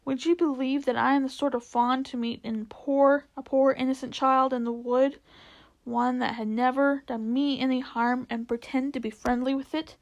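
A sorrowful male fawn, put on by a woman storyteller, drags out each word between sobs and deep groans. His voice sits a touch higher and louder than the narration, with a gravelly edge. He sounds wretched with guilt in a storybook reading. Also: flat delivery. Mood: despairing. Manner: slow, sobbing, groaning delivery.

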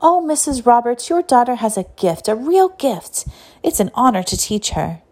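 A woman's voice: a little high, sing-song, moderate pace, a little mellow, pitched above the performer's own voice. A woman voicing an elderly female piano teacher who fusses over her pupils and gushes with praise. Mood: gushing. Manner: fussing, doting, effusive.

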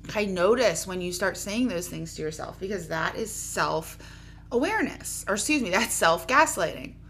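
A woman's voice: fairly low pitch, expressive, moderate pace, fairly bright tone, slight background noise. Frank woman giving self-help advice. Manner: frank, swears casually, speaks straight to the listener. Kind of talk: direct-to-camera advice talk.

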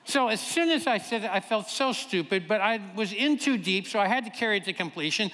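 High-voiced preacher in a reverberant hall. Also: male voice, fairly quick. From Kentucky. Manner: animated storytelling, acts out quoted voices. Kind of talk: sermon with personal story.

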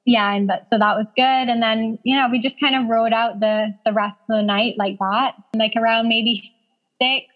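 A woman's voice: fairly high pitch, steady tone, normal speed. A woman in her thirties telling a personal story as an interview guest, chatty, using lots of "like" fillers and laughing often. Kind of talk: casual storytelling. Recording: dull lo-fi sound.

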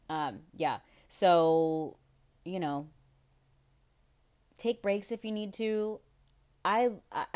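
A woman's voice: low-pitched, darkish tone. Frank, profane woman podcaster. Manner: frank and profane, laughs often, rambling asides. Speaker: podcast host. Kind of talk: casual podcast monologue.

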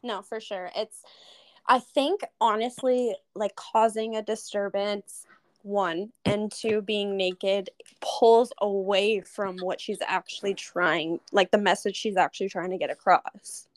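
A woman's voice: mid-range voice, fairly even intonation, unhurried, no echo, rough recording. A young woman co-hosting a podcast, gossiping in casual chat and swearing freely. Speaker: podcast co-host.

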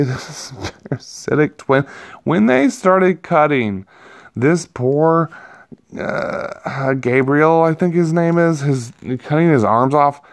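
A man giving a rambling, profane, self-amused movie review in a casual vlog. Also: medium pitch. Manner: rambling, profane, laughs at himself.

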